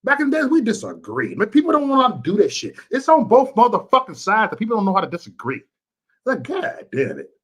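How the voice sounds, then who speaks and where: A man's voice: high-pitched, wildly swooping pitch, quick pace, few pauses, a bit bright, breathy edge. A man from Chicago ranting bluntly and profanely on a vlog livestream, preachy and repetitive, talking to his chat viewers. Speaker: vlogger and livestream host.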